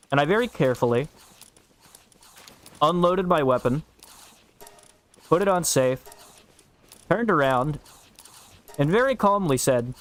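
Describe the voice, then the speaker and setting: A man streaming a game and chatting casually, telling stories in a blunt, profane way. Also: a little high. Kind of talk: casual chat while gaming.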